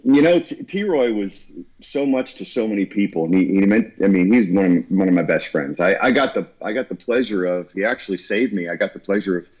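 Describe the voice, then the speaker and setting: A man, a guest musician, talking earnestly and haltingly about a lost friend in an interview. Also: lowish voice, animated, a little mellow, muffled recording. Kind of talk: heartfelt interview talk.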